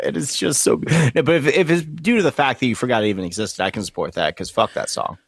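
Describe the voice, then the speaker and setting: A man's voice: mid-range voice, expressive, fast talker, hardly any pauses, no echo. A man co-hosting a podcast in casual chat, full of joking, crude banter. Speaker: podcast co-host.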